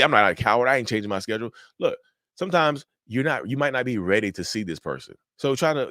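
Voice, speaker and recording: In clean studio sound with no room echo, a man with a lowish voice hosts a mental health channel. He gives viewers casual advice straight on, direct and repetitive, calling them y'all.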